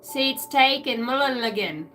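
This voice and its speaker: A high-pitched woman with a sharp, bright voice doing a loose, profane live tarot reading from her shed. She rambles from joke to joke and laughs often, and faint music plays behind her. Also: expressive, slow pace. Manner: rambling, crude jokes, frequent laughter. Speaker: tarot reader. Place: backyard shed.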